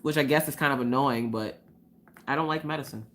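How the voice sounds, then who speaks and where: A chatty young woman hosting a casual craft live stream, her voice sitting low for a woman. She giggles a lot and bounces into quoted voices while she tells her stories. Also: fairly quick, slight background noise. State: recovering from a cold. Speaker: livestream host.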